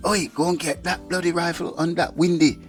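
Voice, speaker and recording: A man voicing a gruff Scottish army man giving orders, with a Scottish accent and a barking way of talking. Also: fairly high pitch, steady tone, fairly quick, faint music behind, voice pushed up, natural voice.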